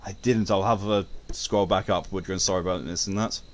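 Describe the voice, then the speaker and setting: Joking streamer, lowish voice. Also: male voice, steady tone, fairly quick. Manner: crude, joking, reads out chat. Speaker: game streamer. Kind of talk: casual live-stream chat.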